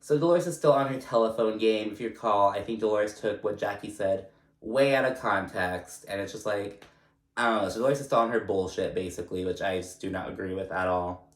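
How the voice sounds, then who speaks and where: A man's voice: fairly low pitch, a little fast. A man hosting a casual recap vlog, chatty and loose, full of fillers and casual swearing. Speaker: recap vlogger. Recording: echoey room.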